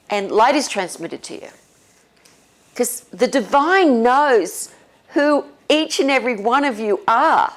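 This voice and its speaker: A woman spiritual teacher talking casually and leading a guided meditation, relaxed and often laughing. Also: mid-range voice. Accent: non-American English. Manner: slow, relaxed, with frequent laughs.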